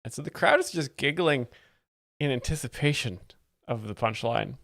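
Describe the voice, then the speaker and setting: A man's voice: mid-range voice, expressive, moderate pace, creaky, fairly bright tone, no room sound. A man hosting a live stream, rambling through comedy clips and explaining the jokes in a dry, mock-serious way, talking into a desk mic at home. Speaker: livestream host.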